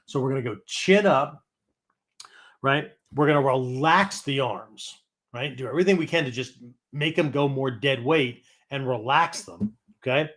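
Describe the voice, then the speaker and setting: Casual man teaching, saying "right?" a lot. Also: medium pitch. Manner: loose and conversational, tags nearly every point with "right?" or "okay?"; acts out angry voices and breathing as demonstrations. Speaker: host teaching martial arts philosophy.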